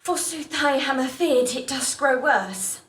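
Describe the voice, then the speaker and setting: An actress playing a proud, coughing Elizabethan mother in a game, speaking in archaic, sharp-tongued phrases. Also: high voice, lively intonation, measured pace, roomy sound, recorded from a distance. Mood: worried.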